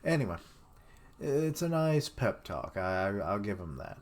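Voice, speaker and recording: A man's voice: fairly low pitch, sing-song, unhurried. A man live-streaming his reaction to a manga chapter, reading lines aloud and joking, swearing and laughing at his own jokes.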